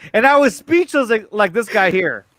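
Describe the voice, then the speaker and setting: Excitable man chatting, high-pitched and dry. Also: no echo. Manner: excited, repeats words, quick stammering restarts. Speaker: show host. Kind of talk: casual chat about movie news.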